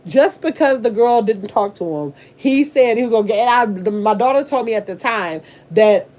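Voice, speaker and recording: An older woman, hosting a casual livestream, reading viewer comments aloud and reacting with loud exclamations. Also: a little high, lively intonation, normal speed. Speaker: livestream host reading chat.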